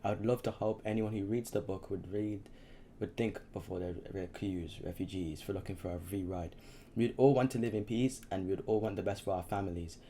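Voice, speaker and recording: A man reading a novel aloud in a halting way, with slips and restarts. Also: low voice, steady tone, mellow, slight background noise. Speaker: reader.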